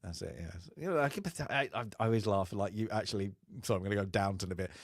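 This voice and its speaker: A man's voice: lowish voice, fast, dry recording, studio quality. A man co-hosting a casual film chat, rambling and laughing often. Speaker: podcast co-host.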